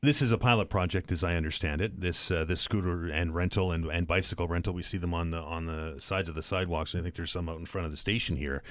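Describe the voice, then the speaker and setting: A man hosting a call-in radio show, reading out the phone number and steering the questions briskly. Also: sits low, steady tone, fairly bright tone. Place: radio studio.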